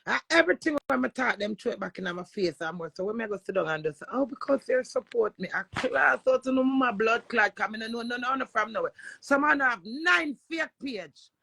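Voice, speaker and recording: A Jamaican woman hosting a live stream, ranting forcefully and swearing as she talks with a caller. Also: a little high, animated, a little fast, gravelly. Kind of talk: casual live chat.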